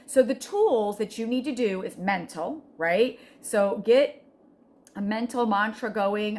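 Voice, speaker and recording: A woman's voice: mid-range voice, slow, darkish tone. Chatty, earnest middle-aged woman. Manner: earnest and chatty, with many fillers and restarts. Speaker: vlogger sharing a health journey. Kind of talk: casual encouraging chat.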